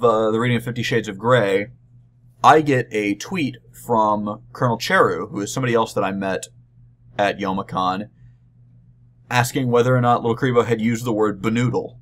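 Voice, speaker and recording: A young man recapping a convention panel in a casual vlog, rambling and halting with many restarts and a wry, deadpan touch. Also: lowish voice. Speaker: vlogger.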